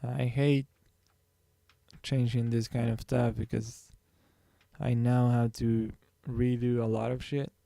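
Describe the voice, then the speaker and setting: Man, rambling stream chat while drawing, unhurried, gravelly, dry close sound. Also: mid-range voice, no echo. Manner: rambling, self-correcting, relaxed. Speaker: artist streaming his drawing. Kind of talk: casual thinking-aloud while drawing.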